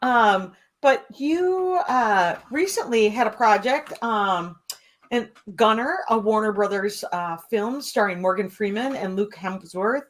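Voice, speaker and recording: A woman's voice: mid-range voice, animated, a little slow. A woman co-hosting a podcast interview, friendly and chatty with many fillers. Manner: friendly, laughs often, filler-heavy. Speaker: podcast co-host. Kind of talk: casual interview chat.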